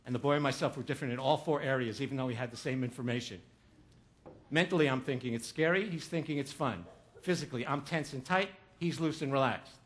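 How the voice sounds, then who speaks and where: A man's voice: medium pitch, fast talker. A man giving a humorous keynote talk on stage, telling a story with jokes and acting out what people said. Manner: storytelling with jokes, acts out quotes. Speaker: motivational speaker.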